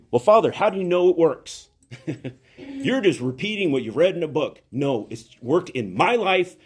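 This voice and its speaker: A man's voice: medium pitch, breathy edge. A man, a priest, delivering an earnest sermon in church, repeating phrases for emphasis. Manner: earnest, animated preaching with repetition.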